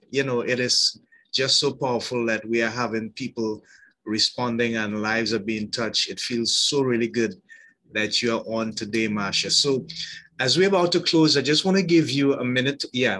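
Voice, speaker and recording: A man's voice: mid-range voice, sharp tone, rough recording. A man hosting a live-stream interview, effusive and praising, reading viewer comments aloud. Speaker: host.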